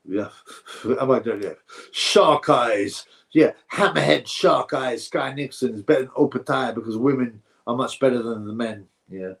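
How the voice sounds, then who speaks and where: A man's voice: medium pitch, moderate pace, gravelly. A man hosting a boxing livestream, rambling through viewer comments and giving blunt opinions in casual chat. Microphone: streaming setup mic.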